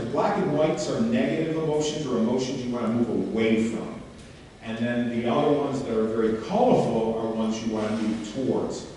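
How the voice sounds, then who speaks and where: Animated male speaker in an echoey hall. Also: medium pitch, slight background noise. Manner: coaching, animated, asks the audience questions. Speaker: seminar speaker. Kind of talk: live workshop demonstration with a volunteer. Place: large hall before an audience. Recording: echoey hall, mic far off.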